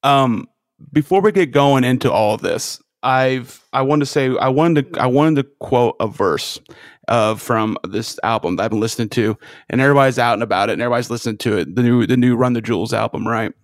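A man co-hosting a podcast in casual chat, earnest and halting, often restarting his sentences. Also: mid-range voice, no room sound. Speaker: podcast co-host.

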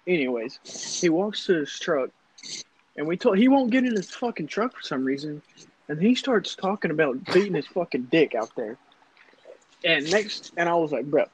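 A man's voice: on the high side, normal speed. A young man telling a rambling, profane story to friends in casual chat. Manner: profane, rambling, animated anecdote. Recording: noisy casual recording.

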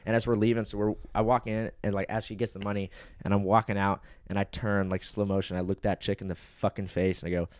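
A man's voice: fairly low pitch, little pitch movement, fast, clear, resonant tone, dry recording, clean studio sound. A man on a podcast telling a story casually, swearing a lot and laughing often. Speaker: podcast co-host.

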